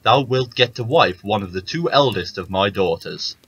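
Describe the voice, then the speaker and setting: Man voicing a wrathful giant for a fairy tale read-aloud; slow, loud, low and menacing. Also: expressive, breathy edge, dull audio, full character voice. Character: huge wrathful old male giant.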